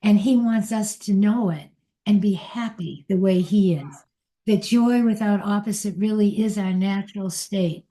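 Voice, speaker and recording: An older woman giving an inspirational spiritual talk in a gentle, unhurried and reflective way. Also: mid-range voice. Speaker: spiritual teacher.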